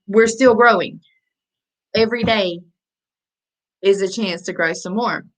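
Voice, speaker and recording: A woman coach talking her listeners through goal setting in a loose, conversational way. She circles back and repeats phrases to drive each point home, at a medium pitch. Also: a little slow, poor audio. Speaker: life coach. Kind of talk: motivational coaching talk.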